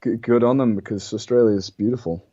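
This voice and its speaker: A man's voice: medium pitch, fairly even intonation, fast, dark tone, lo-fi sound. A British man, guest host on a podcast, chatting in an easygoing way, laughing often and swearing casually. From Britain. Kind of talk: casual chat.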